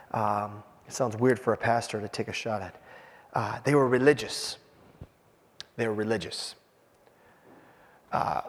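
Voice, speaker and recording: A man in his fifties, a pastor preaching a sermon to his congregation, animated and jokey, speaking right to the crowd. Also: medium pitch, in a large hall. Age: 50s. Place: church with a congregation.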